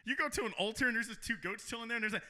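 A man's voice: extremely high pitch, rapid-fire, bright, forceful tone. A man co-hosting a podcast, chatting casually with crude, goofy interjections. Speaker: podcast co-host. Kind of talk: casual chat.

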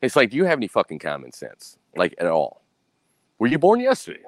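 A young man from the United States rants through a story in a blunt, swear-heavy casual monologue, repeatedly throwing in "right?" His low-leaning voice swoops wildly in pitch at a brisk pace. The recording is close and dry, with no echo or room sound.

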